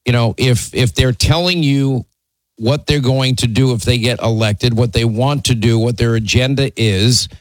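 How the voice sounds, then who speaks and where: A man's voice: mid-range voice, dry recording, poor audio. A man hosting a call-in radio show, talking emphatically and often restarting his sentences. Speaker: radio talk show host.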